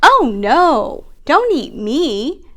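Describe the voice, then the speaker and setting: Woman voicing a meek storybook billy goat, high, bleating, pleading, slow. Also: sing-song, heavily acted. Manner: bleating, begging.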